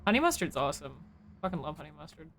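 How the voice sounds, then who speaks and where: A woman's voice: deep voice, very animated, racing, a bit bright, slight background noise. A woman streamer giving casual live commentary as she plays a game, chatty and joking as she thinks aloud.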